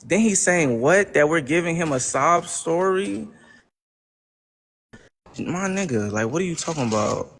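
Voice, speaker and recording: A man's voice: fairly high pitch, animated, measured pace, pauses often, fairly bright tone, slight background noise. Exasperated young man ranting on livestream. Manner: exasperated, slangy, repeats rhetorical questions. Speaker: livestream host. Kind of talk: casual livestream rant to chat.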